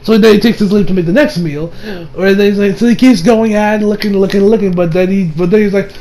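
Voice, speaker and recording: High-voiced guy with some fry rambling thru an anime episode recap, hyped, cussing, cracking up a lot. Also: quick pace, slight background noise, rough recording. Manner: excitable, laughs often, swears freely. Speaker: anime reviewer.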